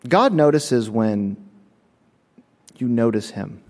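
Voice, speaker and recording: A man preaching a sermon, telling a personal story with emphatic, animated delivery. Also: mid-range voice, takes it slowly, in a large hall. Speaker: pastor.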